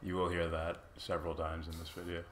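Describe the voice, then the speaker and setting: A man's voice: low voice, completely flat delivery, fairly quick, background noise. A man co-hosting a podcast in casual comedic chat, sarcastic and mocking, laughing often. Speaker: podcast co-host.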